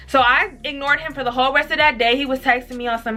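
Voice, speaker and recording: A woman telling a casual storytime to her viewers, blunt, profane and animated. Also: high voice, fast, hardly any pauses, faint music behind. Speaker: vlogger.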